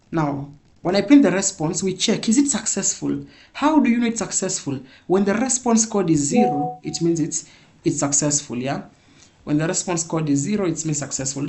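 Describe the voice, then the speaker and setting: A man's voice: on the high side, darkish tone, a little hiss or hum. A man teaching a live programming class, repeating points and checking in with "yeah?". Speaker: programming instructor.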